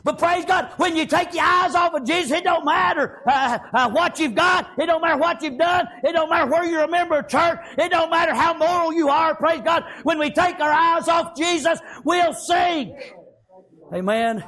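A man preaching a fervent sermon, shouting often and tagging "amen" onto his lines. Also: very high voice, moderate pace.

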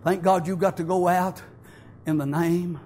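A man preaching a fiery, folksy sermon that builds to shouts. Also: high voice, fairly even intonation, unhurried, a little hiss or hum.

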